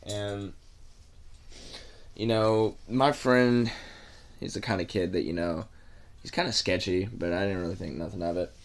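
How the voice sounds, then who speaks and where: Young man, low-pitched, for a casual rambling storytime vlog with fillers and cursing. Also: measured pace, pauses often.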